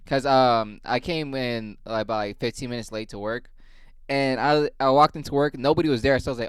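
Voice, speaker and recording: A man's voice: mid-range voice, fairly even intonation, fast talker, clean tone, no room sound. A male comedian delivering a casual, rambling monologue, wry and full of profanity. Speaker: comedian and podcast host.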